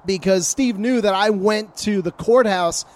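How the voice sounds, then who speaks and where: A man with a notably high voice tells a long sports-media story in a casual podcast chat. He talks animatedly and slips into the voices of the people he quotes. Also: unhurried. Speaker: sports reporter recounting stories.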